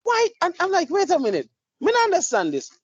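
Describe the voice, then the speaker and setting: A Jamaican man in a casual group chat, telling stories with animated delivery and slipping into patois. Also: extremely high pitch, brisk, no echo. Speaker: podcast co-host. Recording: dull lo-fi audio.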